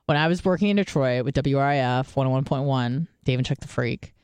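A woman's voice: rumbling low, fairly quick, darkish tone, smooth, no echo. Woman podcast host, swears freely and rambles through her stories, clean voice in a dry room. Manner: profane, rambling storyteller. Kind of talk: casual chat.

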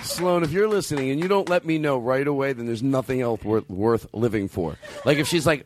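Animated, rambling male comedy podcast host. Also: medium pitch, a little fast, hardly any pauses, slight background noise. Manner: rambling, animated, breaks into laughter. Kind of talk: casual comedy chat.

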